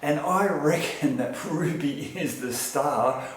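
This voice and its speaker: A man's voice: fairly high pitch, slow. A man with an Australian accent co-hosting a casual vlog chat with dry, wry humor. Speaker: vlog co-host. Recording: very echoey room with faint noise.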